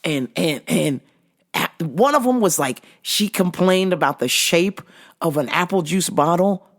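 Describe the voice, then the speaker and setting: A woman in her forties telling a story in a casual rant, profane, animated and exasperated. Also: fairly low pitch, a little slow. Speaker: show host recounting her store job.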